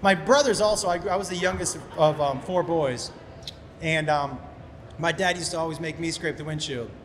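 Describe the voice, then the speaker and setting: High-voiced, profane stand-up comedian. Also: male voice, moderate pace. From Massachusetts. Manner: loose, profane, rambling storyteller. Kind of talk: stand-up crowd work. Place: comedy club stage. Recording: live club recording with long reverb and crowd ambience.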